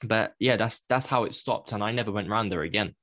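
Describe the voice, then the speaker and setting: A man's voice: fairly low pitch, fairly quick, a bit bright. A man, a podcast guest, candidly recounting a personal story in a reflective way, often correcting himself mid-sentence.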